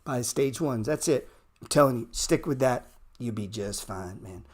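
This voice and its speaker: A man with a husky voice hosts an unscripted stock market show at a moderate pace with lively intonation. He's blunt and profane, repeating phrases for emphasis and swinging between loud bursts and low mutters.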